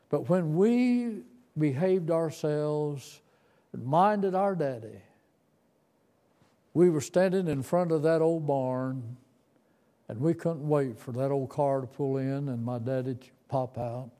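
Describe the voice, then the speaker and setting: A man's voice: on the high side, warm tone. A man in his seventies telling a tender, folksy story from his boyhood as part of a sermon. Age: 70s. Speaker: preacher.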